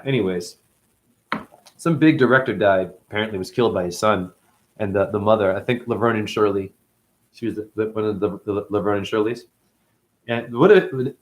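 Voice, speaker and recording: Profane, rambling man with wild pitch swings. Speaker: host. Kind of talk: rambling livestream talk.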